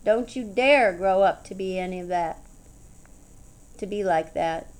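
A woman's voice: medium pitch, unhurried, darkish tone, natural voice. A woman voicing a tall, tough, blunt woman with a wry, drawling, teasing manner in an audiobook.

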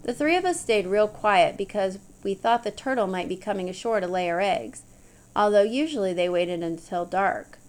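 A woman reading a story aloud in an easygoing, storytelling manner, as audiobook narrator. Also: mid-range voice. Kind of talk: scripted narration.

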